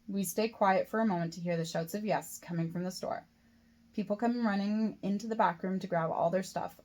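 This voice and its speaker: A woman's voice: mid-range voice, a little mellow. A woman reading her own novel aloud as a first-person audiobook, in a plain reading voice that slips and restarts now and then.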